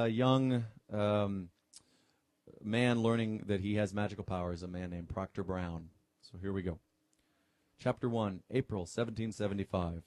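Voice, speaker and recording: Middle-aged guy reading a novel out loud, lowish mellow voice, dry close sound, easygoing asides. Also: no room sound. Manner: relaxed, joking asides between passages. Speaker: radio host reading aloud.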